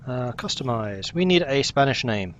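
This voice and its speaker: A man's voice: mid-range voice, lively intonation, moderate pace, a bit bright. A young man casually commenting as he plays a game, chatting with his viewers. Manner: chatty, talks to himself and to chat while playing. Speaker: game streamer.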